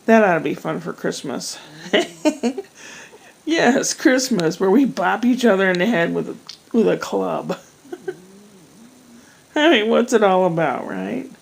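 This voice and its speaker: A woman's voice: mid-range voice, animated, slow, vocal fry, long pauses, low-quality recording. A middle-aged woman chatting casually at home at night in a rambling, self-deprecating vlog. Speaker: vlogger. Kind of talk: casual chat.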